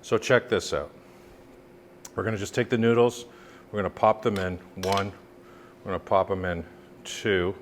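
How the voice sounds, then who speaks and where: A man cooking and demonstrating a recipe as a chef, chatting with jokes and lively asides. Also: deep voice, normal speed, pauses often. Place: kitchen, cooking at the stove. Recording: sizzle and kitchen noise. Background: sizzling pan.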